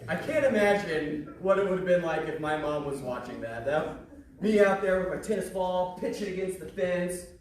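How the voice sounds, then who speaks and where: A young man from Kansas performing a stand-up comedy set, telling animated stories and acting out the voices of the people in them. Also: high-pitched, moderate pace, slight background noise. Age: young adult. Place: comedy club in a small town. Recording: echoey club, mic far off, crowd laughing. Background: audience laughter.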